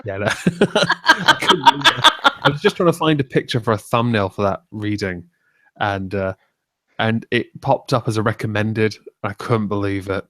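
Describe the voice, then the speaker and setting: A man's voice: lowish voice, sing-song, moderate pace, sharp tone, dry recording. A man hosting a casual stream chat, joking crudely and laughing often. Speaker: streamer host.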